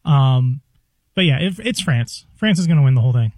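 A man's voice: mid-range voice, expressive, fairly quick, darkish tone, no echo. A man working as a radio show producer, giving a blunt, confident sports opinion. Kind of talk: sports debate talk.

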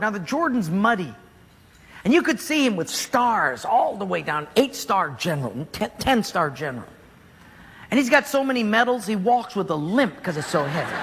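A man delivers a sermon as an animated storyteller, cracking jokes as he goes. His voice is high, bright and full of swings in pitch, and it echoes in a church hall with long reverb. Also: husky. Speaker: preacher.

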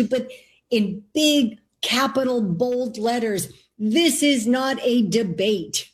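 A woman's voice: on the high side, a little mellow. A woman running for statewide office, answering interview questions in an emphatic, incredulous way. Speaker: political candidate.

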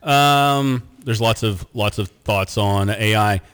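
A man's voice: lowish voice, slow pace, fairly bright tone, clean tone, long reverb tail. A man hosting a sports radio show in a studio, chatting casually, joking and reading listener texts aloud.

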